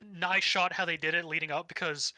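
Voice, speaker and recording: A man's voice: a little high, fairly even intonation, brisk, bright, forceful tone, dry recording, rough recording. A young man co-hosting a podcast, rambling through a casual anime recap with easy swearing. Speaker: podcast co-host.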